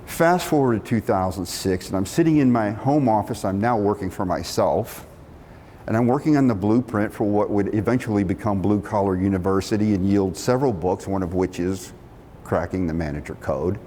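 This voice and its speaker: A middle-aged man telling a story from his working life, animated, acting out the quotes. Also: normal speed. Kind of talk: storytelling talk. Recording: long reverb of a hall, faint rumble.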